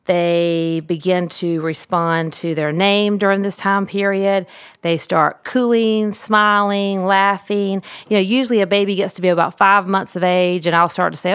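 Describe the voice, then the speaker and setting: A woman's voice: medium pitch, fairly even intonation, a little slow, clean tone, dry recording, clean studio sound. A middle-aged woman, a speech therapist, hosting an educational podcast in a chatty, explanatory way with asides and restarts. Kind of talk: solo educational podcast talk.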